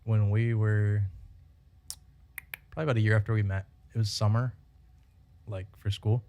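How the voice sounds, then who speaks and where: Young dude on a podcast telling goofy made-up stories with a straight face, lower voice. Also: male voice, normal speed. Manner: deadpan storyteller, spins absurd tall tales. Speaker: podcast co-host. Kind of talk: casual chat.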